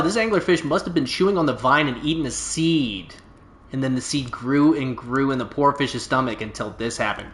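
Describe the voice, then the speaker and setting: Only lightly acted, this mid-range, slightly bright male voice reads game dialogue for a boastful, relaxed alien pilot stuck far from home, drawling his story in a folksy way. Roomy echo surrounds the recording.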